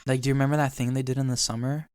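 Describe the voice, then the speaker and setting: A young man tells a painful memory in casual podcast chat, quoting people and swearing as he goes. His voice is smooth and clear, with little rise and fall. The recording is dry and close. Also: medium pitch, flat delivery, rapid-fire, a little mellow, dry recording. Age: young adult. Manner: emotional storytelling, swears, quotes people. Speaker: podcast host.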